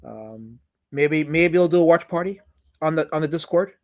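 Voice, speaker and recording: A man's voice: on the high side, moderate pace, a little mellow. A man hosting a live drawing stream, chatting casually and slipping into mock-offended, theatrical complaints. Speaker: livestream host.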